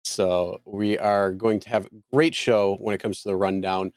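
A man's voice: fairly low pitch, little pitch movement, normal speed, a little mellow, dry recording, studio quality. A man co-hosting a casual live show, talking loosely with lots of fillers and restarts. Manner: rambling, many fillers and restarts. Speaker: co-host.

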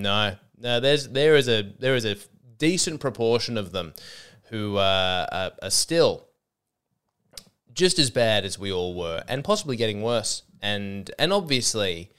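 Man, 30s, podcast comic; sweary, self-interrupting storyteller with a smooth, low voice, a little under the weather. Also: sing-song, measured pace, a bit bright. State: a little sick. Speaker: comedy podcast host. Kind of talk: rambling comedic storytelling.

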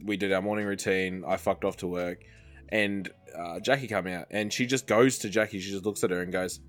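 A man's voice: lowish voice, a little fast, soft background music. A man, co-hosting a casual podcast and telling swear-laden stories about his kids. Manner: animated storyteller, swears freely, acts out quotes. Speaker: podcast co-host. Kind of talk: casual chat.

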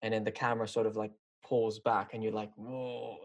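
A man's voice: on the low side, monotone, quick pace. Rambling man in casual chat. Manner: rambling, hesitant with many fillers.

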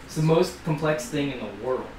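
A man with a high-pitched voice, joking and swearing excitedly in casual podcast chat. He sounds far from the mic. Heavy room echo and clear background noise surround him. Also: normal speed. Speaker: podcast co-host.

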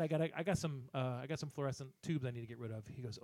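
A man co-hosting a podcast, telling a profane, animated story in a casual rant and voicing the people in it. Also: mid-range voice, rapid-fire, no echo. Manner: animated, profane, acts out other people's lines. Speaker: podcast co-host.

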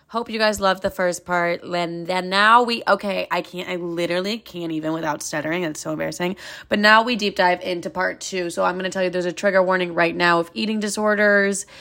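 A woman's voice: on the low side, fairly bright tone, no echo, clean studio sound. Candid, profane young woman podcaster. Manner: candid and profane, many "like" fillers. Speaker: podcast host. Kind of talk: casual solo podcast talk.

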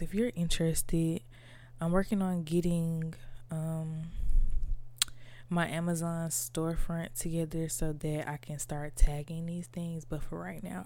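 Low, mellow-voiced woman podcast host. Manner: reflective, candid, many fillers like "like" and "you know". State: tearful at times. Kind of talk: casual personal monologue.

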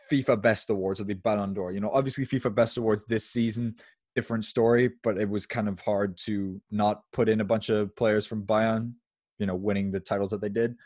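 A man's voice: fairly low pitch, a little mellow, dry recording, studio quality. A man co-hosting a football podcast, chatting casually with frequent laughs and hedging asides. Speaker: podcast co-host.

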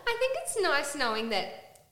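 A young Australian woman co-hosting a podcast, telling a story in an animated way with swearing and laughter. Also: high voice, normal speed. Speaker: podcast co-host. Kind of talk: casual chat. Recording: echoey room.

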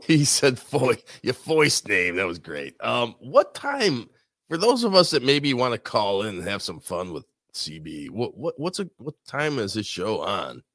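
A man's voice: on the low side, wildly swooping pitch, normal speed, a bit bright, dry recording. A man co-hosting a podcast, chatting in a laid-back, slightly hesitant way. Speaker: podcast co-host. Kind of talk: casual podcast chat.

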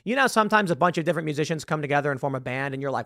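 A male host runs a political commentary monologue in an emphatic, argumentative way. His voice sits on the higher side and moves a lot in pitch. The sound is close and dry, with no room around it. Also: lively intonation, racing, a bit bright, no room sound. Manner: emphatic, argumentative, self-correcting.

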